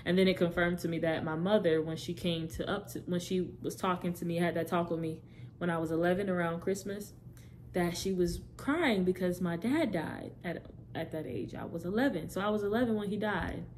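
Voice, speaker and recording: Young woman, lower voice, candid testimony storytelling, rambling, faint background hiss. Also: fairly quick, a little mellow. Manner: candid, talks straight to viewers; rambling, self-correcting. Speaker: testimony speaker.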